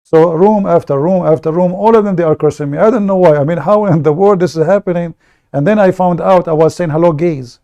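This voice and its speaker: This online debate show host, a man from the Middle East, talks quickly in a high-pitched voice with a dark tone and an Arabic accent. His casual livestream monologue is blunt and self-mocking, full of jokes and repeated words.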